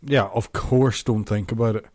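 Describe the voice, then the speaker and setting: A man's voice: medium pitch, fairly even intonation, normal speed, a little mellow, no echo, studio quality. An Irish man co-hosting a podcast, blunt and sarcastic in casual banter. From Ireland. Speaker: podcast co-host.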